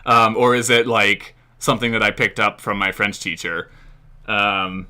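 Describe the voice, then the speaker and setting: An American man rambles through a relaxed live-stream Q&A, leaning on fillers and small chuckles. His voice is bright and forward, with a smooth, clean tone. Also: lowish voice, a little slow. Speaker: history channel host. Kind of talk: casual live-stream Q&A chat.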